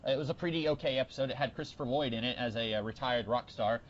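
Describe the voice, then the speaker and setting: A man co-hosting a podcast, chatting casually about a TV episode with lots of fillers and bursts of excitement. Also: medium pitch, rapid-fire, highs cut off, slight background noise. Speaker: podcast co-host. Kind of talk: casual TV discussion.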